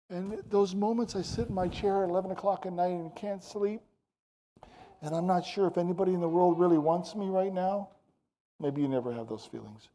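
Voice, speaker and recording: High-voiced earnest male preacher. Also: animated, normal speed. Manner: earnest, swings from soft to emphatic. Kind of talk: sermon. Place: church.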